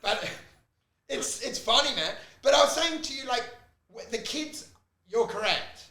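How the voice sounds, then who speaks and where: A man, co-hosting a comedy podcast in an animated, laughing way. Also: very high voice, measured pace, reverberant. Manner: animated, laughs through stories, acts out voices. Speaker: podcast co-host. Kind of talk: casual comedic chat.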